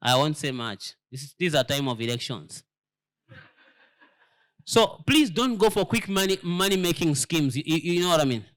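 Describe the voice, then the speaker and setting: A man's voice: fairly high pitch, lively intonation, moderate pace, fairly bright tone. A man, a church elder giving a sermon-style lesson, emphatic and full of rhetorical questions, often repeating words as he searches for them. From Zambia.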